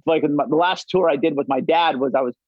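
A man's voice: fairly high pitch, a little fast, breathy edge, no echo. Rambling middle-aged man, dull dry sound. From Los Angeles area. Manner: rambling, many restarts and swearing. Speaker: podcast guest. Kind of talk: casual chat.

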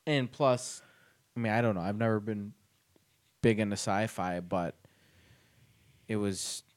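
A man's voice: fairly low pitch, measured pace, no echo. A man co-hosting a podcast, talking casually and thoughtfully, trailing off as he thinks. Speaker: podcast co-host. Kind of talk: casual chat.

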